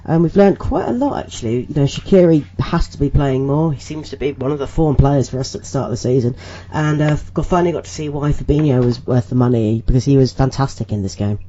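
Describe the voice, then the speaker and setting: A man with a dark, mellow voice co-hosting a casual podcast, calmly summing up the play. His audio is dull and lo-fi, with a faint noise underneath. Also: medium pitch, quick pace, hardly any pauses. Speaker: podcast co-host. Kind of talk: casual football chat.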